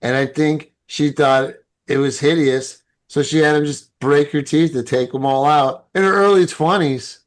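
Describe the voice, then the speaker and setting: A man's voice: on the high side, fairly even intonation, moderate pace. A man on a casual podcast telling funny personal stories. He talks loosely and swears freely. He laughs through his anecdotes. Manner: profane, joking anecdotes. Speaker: podcast co-host.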